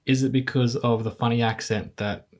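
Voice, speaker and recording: A man's voice: mid-range voice, fairly even intonation, normal speed. A man hosting a casual film-review podcast, talking in an easygoing, hesitant way with frequent chuckles. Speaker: podcast host.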